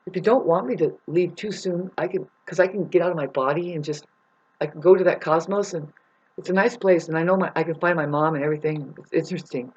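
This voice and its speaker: A woman's voice: fairly low pitch, quick pace, a little mellow, slightly rough. A woman in a rambling, profane spiritual monologue, laughing often as she talks. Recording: muffled lo-fi recording.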